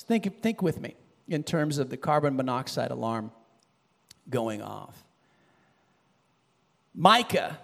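High-voiced preacher in a reverberant hall. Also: male voice, vocal fry. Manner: animated, rises to shouted emphasis and drops low. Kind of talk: sermon.

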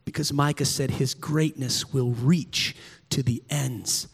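A middle-aged man preaching a sermon as pastor in a church, swinging from excited shouts to hushed, intimate prayer. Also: medium pitch, slow, creaky, breathy edge, in a large hall. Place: church sanctuary.

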